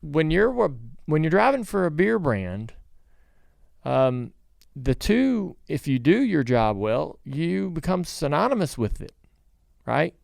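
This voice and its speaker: A man's voice: a little high, very animated, slow, gravelly, a little mellow, no echo, clean studio sound. A middle-aged man hosting a casual interview, asking rambling questions that break off and restart. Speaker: podcast host.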